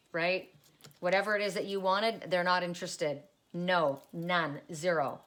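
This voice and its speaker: Woman card reader, middle-aged, low-ish voice, thinks out loud and repeats messages as she goes. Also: steady tone, a little slow. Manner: musing aloud, repeating card messages, rambling asides. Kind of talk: solo oracle card reading.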